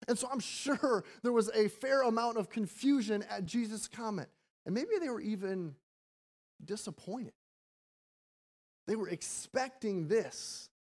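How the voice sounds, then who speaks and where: A pastor preaching a sermon in a relaxed, conversational way, reading scripture and then explaining it, often repeating words as they go. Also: medium pitch. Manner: conversational, animated preaching with frequent repetitions.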